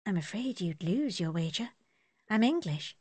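A woman voicing a young, reserved English army nurse with a polite, crisp manner. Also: mid-range voice, sing-song, moderate pace, a little mellow, no room sound.

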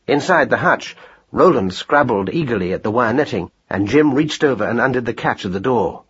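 A man narrating a children's story in an expressive audiobook style, on a dull lo-fi recording. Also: mid-range voice, normal speed, husky.

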